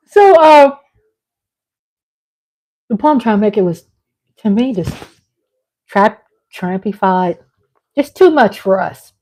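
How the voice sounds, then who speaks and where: A woman's voice: medium pitch, lively intonation, takes it slowly, pauses often, a little mellow. Chatty Southern woman vlogger. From Texas. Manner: chatty, laughs often, playful asides to her husband. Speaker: vlog host. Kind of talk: casual livestream chat.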